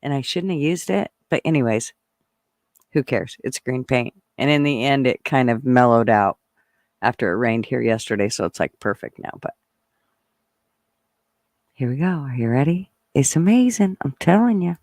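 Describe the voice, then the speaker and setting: A woman hosting a casual livestream, chatting excitedly and laughing often as she reads viewers' comments. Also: extremely low pitch, moderate pace, no echo, clean studio sound. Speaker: channel host reading live chat.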